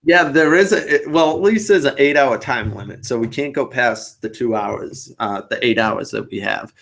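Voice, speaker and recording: Man, podcast host on a video call, rambling casual talker with a gravelly voice. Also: mid-range voice, normal speed, fairly bright tone. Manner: rambling, talkative.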